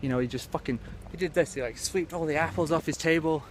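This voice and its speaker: Comedy vlogger, a man with a slightly high voice doing a deadpan, profane rambling rant; clear street traffic behind. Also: fast talker. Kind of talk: absurd comic rant to camera. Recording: clear traffic noise outdoors.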